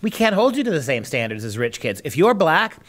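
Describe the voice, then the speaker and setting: A man's voice: a little high, big pitch swings, brisk, a bit bright. A man hosting a podcast, delivering opinionated commentary in a sarcastic, mocking tone. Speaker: podcast host.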